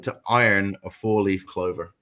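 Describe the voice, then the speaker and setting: A man's voice: deep voice, fairly even intonation, normal speed, sharp tone. A British man chatting over a video call, dry and self-deprecating. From Britain. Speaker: guest. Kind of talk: casual chat.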